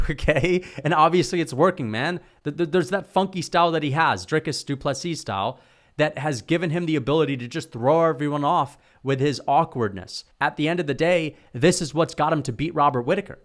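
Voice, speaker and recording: A young man rants through an opinionated solo commentary, dropping bro and dude and swearing freely. His voice sits a little high for a man, and his delivery stays heated and blunt. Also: fairly quick. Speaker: MMA commentary youtuber.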